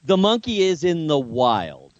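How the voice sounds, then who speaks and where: A man's voice: on the high side, big pitch swings, unhurried, no room sound, dull audio. A man co-hosting a radio show, chiming in with dry, wry remarks. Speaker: radio co-host. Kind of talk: casual talk radio banter.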